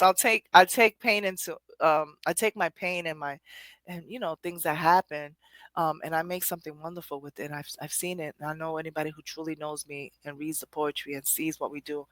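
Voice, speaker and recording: A woman's voice: low-pitched, fairly even intonation, brisk, fairly bright tone, no echo. A woman hosting a poetry show, giving a rambling, conversational motivational talk straight to her audience with frequent laughter. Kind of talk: motivational monologue.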